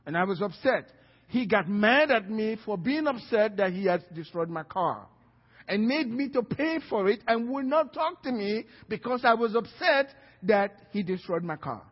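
A husky, fairly high-pitched man preaches a sermon as a pastor, telling a story and acting out each exchange of dialogue. He often repeats himself as he goes. His voice carries a long church-hall reverb on a dull recording. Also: expressive, moderate pace. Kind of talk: sermon testimony.

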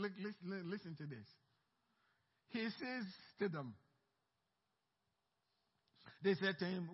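Husky high-pitched male pastor preaching hard, muffled audio, long church echo. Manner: animated, emphatic preaching with call-outs for amen. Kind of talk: sermon. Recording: muffled recording with long hall reverb.

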